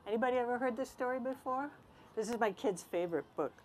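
A woman reading a picture book aloud to children, telling the story in an expressive, animated way. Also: on the high side, fast talker, a little hiss or hum.

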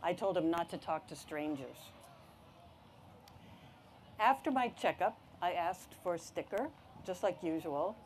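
A woman reading a picture book aloud to children, her voice animated and swinging widely in pitch. She tells the story expressively, with a faint ambient hum behind her. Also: a little slow, long pauses.

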